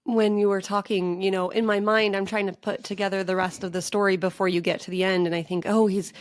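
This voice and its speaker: A woman's voice: mid-range voice, little pitch movement, a little fast, dry recording. A woman hosting a faith podcast, asking questions and responding with effusive enthusiasm. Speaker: podcast host.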